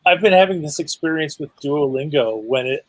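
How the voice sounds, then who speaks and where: A man's voice: on the high side, expressive, moderate pace, dry recording. A man chats as a guest author, stumbling over repeated words before landing dry jokes. His voice sounds dry and close to the mic. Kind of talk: casual chat.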